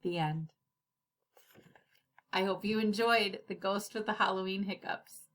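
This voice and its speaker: A woman reading a children's storybook aloud in an expressive, animated way. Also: mid-range voice, measured pace. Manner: expressive, giggly when slipping up. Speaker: storybook reader.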